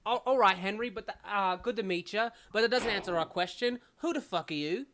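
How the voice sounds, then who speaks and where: A woman running a tabletop role-playing game as game master, narrating casually, laughing often and slipping into quick voices for side characters. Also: medium pitch, fairly bright tone.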